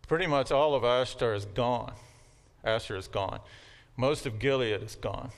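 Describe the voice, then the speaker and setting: A man with a Southern American accent giving a relaxed, conversational university lecture and often checking in with his students. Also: medium pitch, a little slow. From Southern United States. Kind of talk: classroom lecture.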